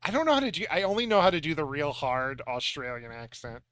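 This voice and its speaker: A man's voice: a little high, big pitch swings, quick pace, a bit bright, no echo, clean studio sound. A man running a tabletop game as dungeon master, narrating loosely with many fillers and restarts.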